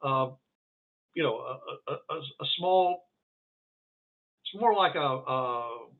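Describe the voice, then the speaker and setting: A man narrating as game master of a tabletop game, halting, with many fillers. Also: mid-range voice. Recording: phone-like narrow band.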